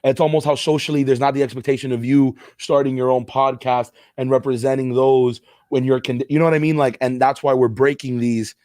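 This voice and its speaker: A man's voice: medium pitch, little pitch movement, brisk, few pauses, mellow, no echo, studio quality. A man co-hosting a casual podcast, laid-back and slangy, talking straight to the listeners. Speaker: podcast co-host.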